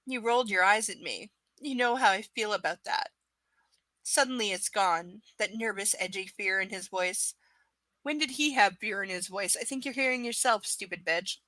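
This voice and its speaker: A woman's voice: medium pitch, moderate pace, pushed and bright, no room sound. A woman reading a novel aloud on a livestream and breaking off into sarcastic, profane, exasperated rants about the characters. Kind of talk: live book reading with ranting commentary.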